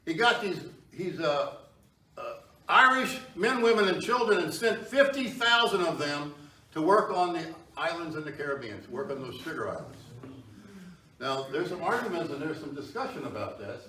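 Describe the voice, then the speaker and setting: A man's voice: fairly high pitch, big pitch swings, normal speed, pushed and bright. A man giving a conversational public history talk to an audience, often asking them questions. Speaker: history lecturer. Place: meeting hall with audience. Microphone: far tripod camera. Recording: echoey hall from far off.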